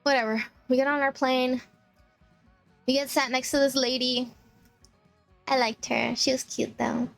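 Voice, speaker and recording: A woman from Texas, streaming and telling an animated, swear-filled travel story with laughs. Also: sits high, a little slow, vocal fry, pauses often, no room sound, faint music behind. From Texas, USA. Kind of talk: casual storytelling chat.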